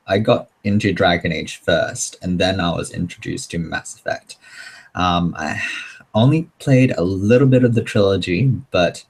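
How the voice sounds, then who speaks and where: A man from Australia, introducing himself as a guest on an online panel in a relaxed way. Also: lowish voice. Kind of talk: casual chat.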